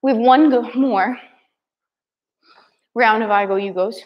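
A woman leading a live kettlebell class, giving brisk counted exercise cues and sometimes out of breath. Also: a little high, lo-fi sound. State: out of breath at times. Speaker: kettlebell fitness instructor. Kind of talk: live workout class cueing.

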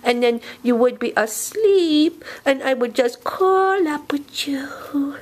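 Eerie childlike bed monster, woman voicing it, high voice, very slow, dreamy, slips into whispers. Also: expressive. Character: creepy childlike monster imaginary friend under the bed. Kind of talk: comic character monologue.

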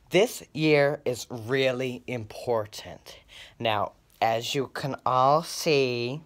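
A man doing a slow, drawn-out schoolteacher. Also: medium pitch, lightly acted. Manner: slow, drawn-out teacher talk. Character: flustered American schoolteacher, man, bossy.

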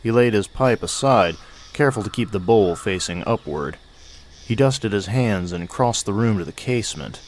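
A man reading a short story aloud at a measured, steady pace. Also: on the low side, a little hiss or hum. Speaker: narrator.

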